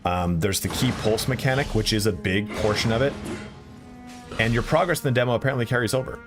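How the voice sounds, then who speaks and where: Playing a video game on a live stream, this male streamer talks fast in a mid-range voice, chatting casually with his viewers. Faint game music plays, and he curses when the game gets the better of him.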